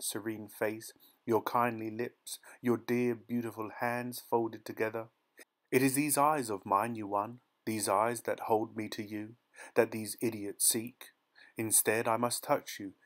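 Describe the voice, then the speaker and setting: A man's voice: lowish voice, fairly even intonation, a little slow, close to an everyday voice. A man voicing a passionate young lover in a storybook reading, earnest and pleading. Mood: tender pleading. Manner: earnest, pleading, rising to emphasis.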